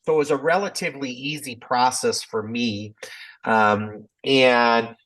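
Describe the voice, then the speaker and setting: A man in his fifties, a physician and business executive, telling his story in a relaxed interview, reflective and rambling with many fillers and restarts. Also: mid-range voice, measured pace, rough recording.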